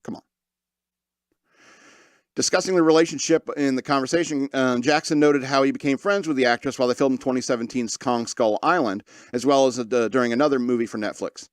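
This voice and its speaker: A man's voice: medium pitch, brisk, no echo, clean studio sound. A man hosting a podcast, reading news stories aloud and breaking off into sarcastic, mocking asides. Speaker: podcast host. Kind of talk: comedic news commentary.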